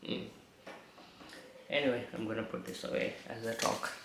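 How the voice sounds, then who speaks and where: A man's voice: fairly low pitch, steady tone, normal speed, noisy background. A man vlogging casually with a slight lisp from new braces, chatty and rambling, swearing now and then. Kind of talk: casual storytelling vlog. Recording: echoey room.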